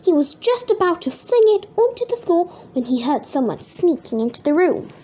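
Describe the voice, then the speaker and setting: A woman reading a children's book aloud in an expressive, sing-song way. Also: extremely high pitch, moderate pace. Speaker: storybook reader.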